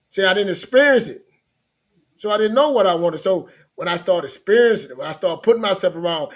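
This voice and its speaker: A middle-aged man from Louisiana, telling his life story as a motivational coach in a loose, conversational way. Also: a little high. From Louisiana, United States. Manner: loose, conversational, repeats himself and restarts.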